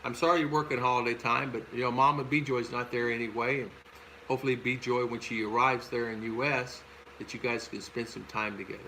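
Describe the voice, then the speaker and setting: A man's voice: medium pitch, steady tone, brisk, bright, forceful tone, slight background noise, rough recording. An older man with a Southern American accent, hosting a casual livestream and chatting through viewer comments with frequent chuckles. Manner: rambling, chuckles often. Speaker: host. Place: home in the Philippines.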